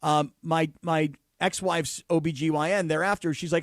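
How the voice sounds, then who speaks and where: A man co-hosting a radio show, telling stories in animated casual chat. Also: a little high, normal speed, hardly any pauses, no room sound, studio quality. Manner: animated storyteller. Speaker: radio co-host.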